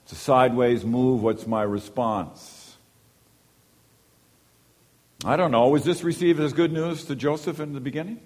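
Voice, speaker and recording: A man preaching a sermon, moving between quiet, low asides and loud, emphatic lines. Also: steady tone, measured pace, pauses often. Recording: long hall reverb.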